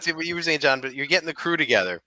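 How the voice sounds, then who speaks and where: A man's voice: a little high, animated, very fast, pushed and bright, low-quality recording. A man co-hosting a podcast, giggling and acting out quotes in casual chat. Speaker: podcast co-host.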